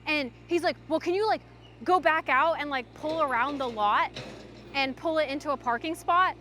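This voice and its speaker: A young woman livestreamer telling a story in casual chat, animated and full of fillers. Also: high voice, moderate pace, a little hiss or hum. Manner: chatty, animated, frequent "like" fillers.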